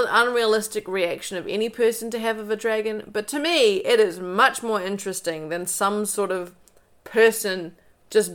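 Woman, podcast co-host, sarcastic, animated, casual chat. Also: medium pitch, moderate pace. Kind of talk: casual chat and book reading aloud.

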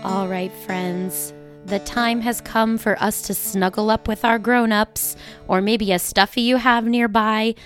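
A woman's voice: fairly low pitch, no room sound, clean studio sound. A woman hosting a sing-along music time for toddlers, cheery and coaxing, asking the children playful questions. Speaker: children's music podcast host.

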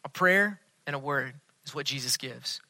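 Earnest male pastor, bright dry voice. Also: mid-range voice, normal speed, no echo. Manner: earnest, dropping to a hush for emphasis. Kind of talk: sermon.

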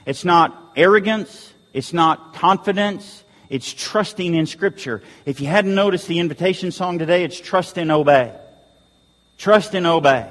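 A man's voice: on the high side, measured pace, fairly bright tone. A man preaching a sermon to his church, pleading with the congregation and repeating urgent questions. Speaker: pastor. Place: church sanctuary. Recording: long hall reverb.

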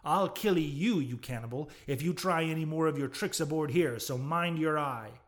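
A man reading aloud and voicing a gruff, angry male ship captain who roars threats. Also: on the high side, moderate pace, close to an everyday voice. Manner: roaring, threatening. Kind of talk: audiobook reading.

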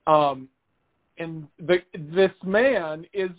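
A man's voice: high voice, normal speed, poor audio. A man co-hosting a podcast, telling a funny story in casual chat, acting out the other people's lines and laughing as he goes. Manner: animated storyteller, laughs while telling, acts out quotes. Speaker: podcast co-host.

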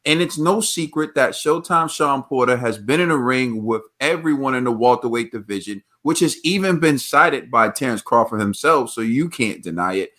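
Co-host, man, bright mid-pitched voice, methodical arguer. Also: lively intonation. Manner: measured, argues point by point. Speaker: podcast co-host. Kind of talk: casual boxing chat.

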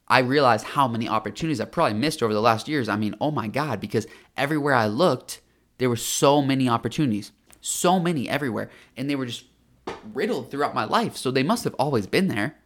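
A man's voice: medium pitch, animated, fairly quick, bright, forceful tone. A man hosting a motivational monologue, talking energetically with emphasis and many fillers and restarts.

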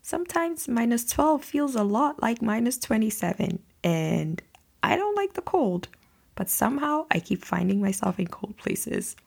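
A woman's voice: fairly high pitch, sing-song, measured pace, vocal fry, a little mellow, husky. A woman hosting a solo podcast, talking in an earnest, conversational and reassuring way. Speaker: podcast host.

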